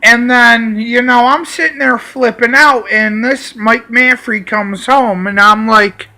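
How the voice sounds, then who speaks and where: This vlogger speaks in a very high voice with fairly even intonation and a sharp tone. Furious about the people who stayed at his home, he curses heavily in a heated, drawn-out personal rant.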